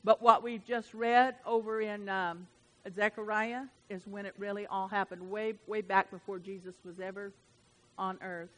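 Bright, emphatic woman preaching. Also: medium pitch, fairly even intonation, normal speed. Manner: emphatic, repetitive, conversational. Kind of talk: sermon.

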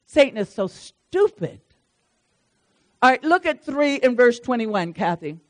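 A woman preacher delivers a sermon to her congregation in a lively, conversational style, using repeated phrases and touches of humor. Her voice is fairly high, and she speaks a little slowly.

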